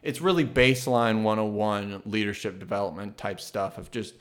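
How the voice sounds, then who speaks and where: A man's voice: lowish voice, moderate pace. A man talking in a casual, reflective monologue, earnest and thinking aloud, with frequent restarts.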